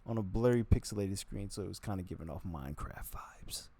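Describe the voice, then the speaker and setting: A man's voice: lowish voice, brisk, vocal fry, dark tone, breathy edge. A man telling a personal story on his video channel in a rambling, blunt way, swearing freely. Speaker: vlogger.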